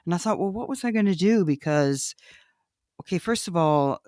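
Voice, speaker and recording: A woman hosting a podcast, telling a personal story in a loud, animated, candid way, laughing often and swearing freely. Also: fairly low pitch, normal speed, dry recording, clean studio sound. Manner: profane, candid. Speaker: podcast host.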